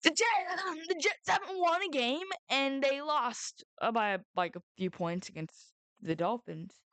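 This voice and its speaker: Young girl rambling about football picks into a headset, kinda high voice, dead dry sound. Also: expressive, unhurried, a bit bright, no echo. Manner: rambling, self-interrupting, jokey asides. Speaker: sports predictions vlogger. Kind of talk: casual chat with mock phone call and bits. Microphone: headset or headphone mic.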